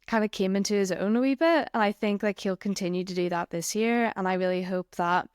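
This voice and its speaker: A woman's voice: medium pitch, fairly quick, a little mellow, clean tone, dry recording. Woman, podcast co-host, playful and chatty, dry recording. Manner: chatty, many "like" fillers, playful. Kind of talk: casual podcast chat.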